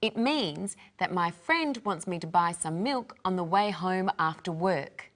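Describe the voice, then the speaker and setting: A woman's voice: fairly low pitch, animated, measured pace. A woman co-presenting a language lesson, explaining things in a plain, scripted chat.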